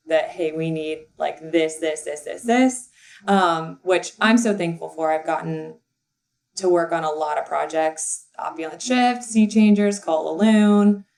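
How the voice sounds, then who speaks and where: A woman's voice: fairly low pitch, darkish tone. A young adult woman, a podcast guest, chatting casually and telling a story with lots of fillers and laughter. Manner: giggly, rambling storyteller with many fillers. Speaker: guest, assistant and content writer. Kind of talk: casual interview chat.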